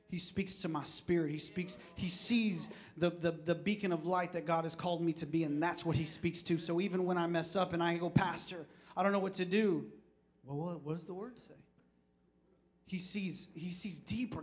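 A man pastor delivering a short sermon, building to emphatic shouted peaks and then dropping low, often repeating words as he drives a point home.

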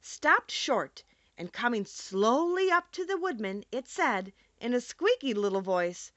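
A woman reading a classic children's story aloud as an audiobook narrator, expressive and measured. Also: a little high, dry recording, muffled recording.

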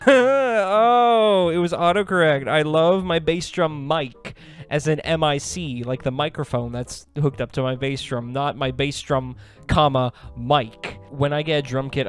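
A young man talks through a comedic commentary, dry and deadpan with sudden bursts of laughter. His voice is smooth and resonant, sitting at an ordinary middle pitch. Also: moderate pace, soft background music. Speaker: commentary YouTuber.

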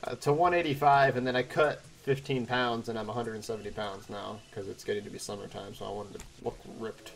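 A young man commentating a video game, excitable and chatty, yelping at danger and answering chat. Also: on the low side, brisk, gravelly, hardly any pauses, slight background noise. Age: young adult. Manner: excitable, yelps and exclaims, chatty asides to chat. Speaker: let's play host. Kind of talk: gameplay commentary.

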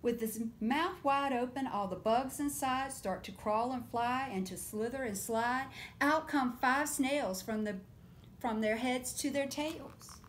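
A woman reading picture books aloud at story time, animated and stopping often to ask the children questions. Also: sits high, a little slow, a little hiss or hum. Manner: animated, asks children questions and invites them to join in.

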